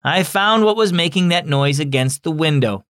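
A man's voice: fairly high pitch, lively intonation, moderate pace, fairly bright tone, no echo, studio quality. A man voicing a patient father reassuring his children in a children's story. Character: calm loving father.

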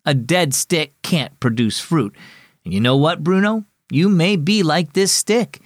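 A man voicing a kindly, patient Sunday school teacher who speaks gently and encouragingly. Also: fairly high pitch, a little slow, dry recording, clean studio sound. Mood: gentle.

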